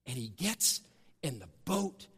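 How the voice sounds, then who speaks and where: A man preaching a sermon, swinging between loud, drawn-out emphasis and hushed asides. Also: mid-range voice, very animated, breathy edge. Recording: long hall reverb.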